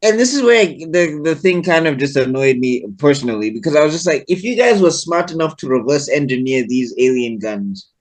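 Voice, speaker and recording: A man's voice: on the high side, expressive, brisk. A man, co-hosting a podcast, ranting with annoyed disbelief in casual chat. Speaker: podcast co-host.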